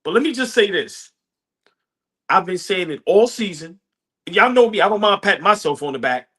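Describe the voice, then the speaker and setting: A man co-hosting a sports podcast, celebrating a win with boastful, animated talk and frequent laughter. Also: high voice, moderate pace. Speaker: podcast co-host. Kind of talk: excited post-game sports talk.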